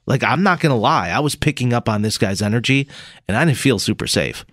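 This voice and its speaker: A man hosting a morning radio show, telling a story in a casual, animated way and laughing as he goes. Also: mid-range voice, brisk, dry recording, clean studio sound.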